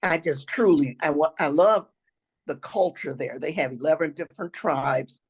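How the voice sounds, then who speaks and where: An older woman with a raspy voice, a retired teacher telling travel stories as an interview guest, now and then clearing her throat. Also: low-pitched, normal speed, darkish tone, rough recording. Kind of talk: storytelling interview answers.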